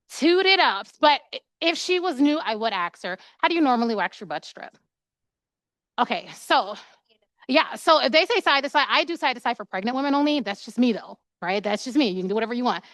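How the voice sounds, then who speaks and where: A woman's voice: medium pitch, a bit bright, no echo. A woman esthetician in her thirties giving a chatty, playful live waxing demonstration, acting out quoted dialogue as she works.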